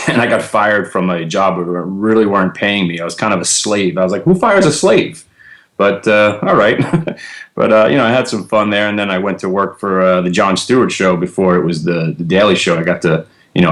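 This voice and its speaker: A man's voice: low-pitched, brisk. A man, telling stories with lots of fillers and laughs as a podcast guest. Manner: animated, laughing storyteller with many fillers. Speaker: guest, trader and comedian. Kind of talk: casual storytelling interview.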